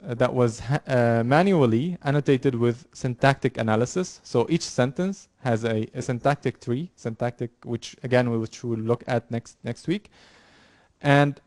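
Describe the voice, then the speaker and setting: A man's voice: medium pitch, darkish tone, dry recording, clean studio sound. A man lecturing a university class, explaining with frequent fillers, repeated words and restarts. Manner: halting, many fillers and restarts. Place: lecture room.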